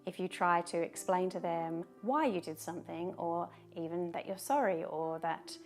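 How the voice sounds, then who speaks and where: A woman talking to camera in a video, giving calm, measured advice and turning firm when she gives short commands. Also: fairly low pitch, faint music behind. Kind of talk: direct-to-camera advice talk.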